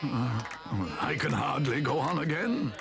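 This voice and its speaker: An actor playing a gruff, kindly old male badger who blusters and fusses, in a 1980s stop-motion cartoon. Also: a little high, unhurried, a crowd in the background. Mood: flustered. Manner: gravelly, blustering, fussy.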